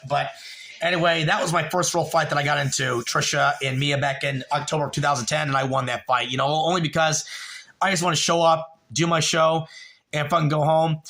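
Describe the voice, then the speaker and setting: A young livestream host, a little tipsy, tells a long, rambling story full of profanity and fillers. His voice is a little high, creaky, and sharp in tone.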